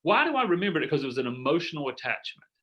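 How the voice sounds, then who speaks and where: A middle-aged man coaching a group over a video call, earnest and animated, acting out sample sales conversations. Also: on the high side, racing, dull audio. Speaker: business coach. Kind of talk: coaching workshop talk.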